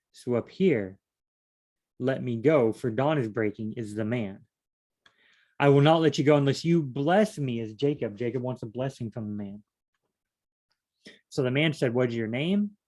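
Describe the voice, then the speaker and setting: A man leading a casual solo Bible study, reading verses aloud and then musing on them out loud with questions. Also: medium pitch, unhurried.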